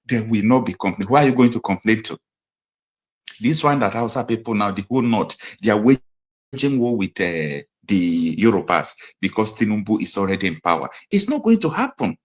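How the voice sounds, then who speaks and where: A man with a Nigerian accent hosting a live political commentary stream, emphatic and hammering his points home by repeating them. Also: fairly low pitch. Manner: emphatic, repeats key phrases like a preacher.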